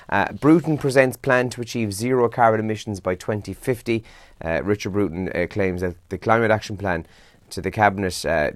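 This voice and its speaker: Tired, chatty Irish radio host. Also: male voice, fairly low pitch, no echo, studio quality. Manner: chatty, tired and yawning, says lads. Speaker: radio breakfast show host. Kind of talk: casual newspaper and trends roundup.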